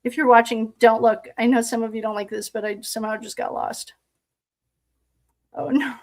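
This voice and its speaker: A woman with a slightly high voice reads through official records aloud in a casual, thinking-aloud way. She keeps stopping to toss in sarcastic remarks of her own. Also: steady tone, normal speed, creaky, darkish tone. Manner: sarcastic asides, thinking aloud while reading. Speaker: true crime commentator. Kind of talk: casual commentary reading documents aloud.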